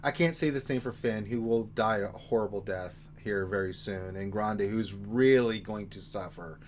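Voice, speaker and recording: A man's voice: fairly low pitch, normal speed, a little mellow, a little hiss or hum. A man co-hosting a game livestream in casual chat, joking and talking straight to his viewers in a rowdy way. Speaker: livestream co-host.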